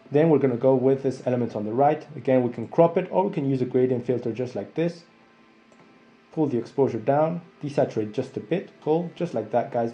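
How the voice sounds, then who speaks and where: A young adult man explaining photo editing software step by step, often calling his viewers guys. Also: medium pitch. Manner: steady step-by-step walkthrough, addressing viewers as guys. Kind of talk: screen-recorded software tutorial.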